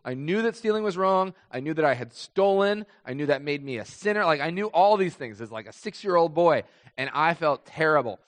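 A man's voice: fairly high pitch, a bit bright. A young adult man preaching a sermon as a pastor, telling a story in a conversational way with vivid dramatic bursts. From United States. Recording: long hall reverb.

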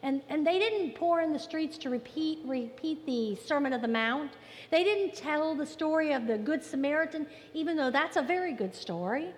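High-voiced woman preaching in a reverberant hall. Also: expressive. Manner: emphatic preaching with repeated phrases and pauses. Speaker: pastor. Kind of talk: sermon. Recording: long reverb with faint ambient noise.

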